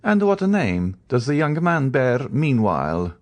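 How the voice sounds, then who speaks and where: A man's voice: mid-range voice, big pitch swings, a little slow, pitched above the performer's own voice. A man voicing a stern, imperious middle-aged priest who interrogates with authority.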